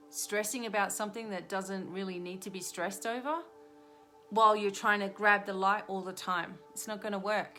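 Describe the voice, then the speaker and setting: A middle-aged woman talks through a live-streamed card reading. She coaches her listeners in an earnest, repetitive way, at a middle pitch. Faint music plays in the background. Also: bright, forceful tone. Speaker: spiritual reader and hypnotherapist. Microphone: webcam or phone on a live stream.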